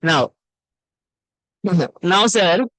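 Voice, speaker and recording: Guy teaching code over a video call, bright voice, dry sound, says things twice. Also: sits high, expressive, drawn-out words, dry recording, low-quality recording. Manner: repetitive, addresses students as sir and ma. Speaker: coding teacher. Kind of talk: live online class.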